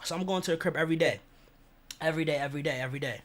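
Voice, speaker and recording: A young man telling a personal story as a vlogger, animated, slangy and profane, acting out the people he quotes. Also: on the high side, racing.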